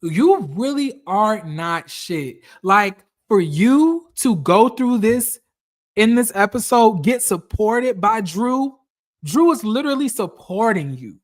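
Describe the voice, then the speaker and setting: A woman's voice: medium pitch, animated, takes it slowly. A woman giving casual, profane reality TV commentary, blunt and repeating phrases for emphasis.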